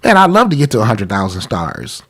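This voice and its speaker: A man's voice: lowish voice, huge pitch swings, brisk. A man hosting a live-streamed talk about money, congested from a cold, earnest and pleading, repeating himself. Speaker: podcast host.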